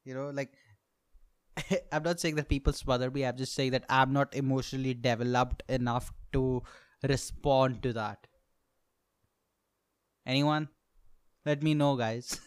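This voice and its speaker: Man in his twenties, comedic podcast rant, swears a lot, smooth clear voice, dry close sound. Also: medium pitch, fairly even intonation, unhurried, pauses often, no echo. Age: 20s. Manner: profane ranting, laughs at own jokes, sudden loud outbursts. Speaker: podcast host, stand-up comedian. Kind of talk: solo comedic monologue.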